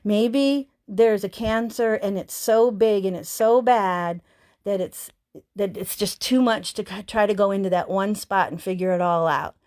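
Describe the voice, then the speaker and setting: A woman in her fifties, a self-healing teacher and host, gives an earnest live-stream talk, addressing her viewers directly and repeating herself. Her voice is mid-range and a little mellow.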